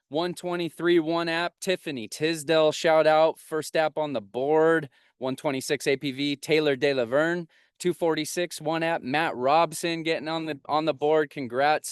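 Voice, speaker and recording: A man's voice: fairly high pitch, clear, resonant tone, no echo, clean studio sound. A man leading a motivational team huddle over a video call from a parked vehicle, upbeat and hype-driven, repeating himself for emphasis. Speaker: agency leader hosting a team call. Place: parked vehicle on a road trip.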